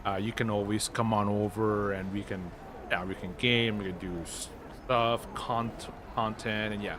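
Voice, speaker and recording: Slow rambling male game streamer. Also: on the low side, fairly even intonation, background noise. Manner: rambling, many fillers and restarts, laughs easily. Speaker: gaming livestream host. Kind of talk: casual live-stream chat. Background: game music.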